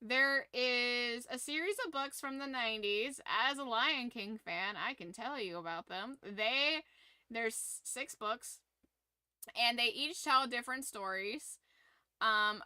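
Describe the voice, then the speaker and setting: Bright, chatty woman streamer. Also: fairly high pitch, a little slow, smooth, no room sound. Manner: animated, rambling fan enthusiasm with frequent laughs. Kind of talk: casual live-stream chat with viewers. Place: home room with her collectibles behind her.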